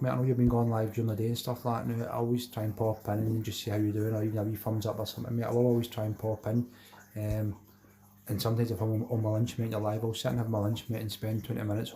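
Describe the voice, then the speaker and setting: Low gravelly Scottish man chatting. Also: warm tone, a little hiss or hum. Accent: Scottish, Glasgow. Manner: chatty, says "mate" constantly, reads out viewer names. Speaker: fishing livestream host. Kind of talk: casual live chat with viewers.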